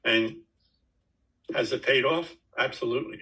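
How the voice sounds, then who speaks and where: A man's voice: mid-range voice, normal speed, bright, forceful tone, poor audio. A man in his nineties tells his own story to his team in an emphatic, folksy way. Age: 90s. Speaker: network marketing top earner speaking to his team. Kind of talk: storytelling answer to a question.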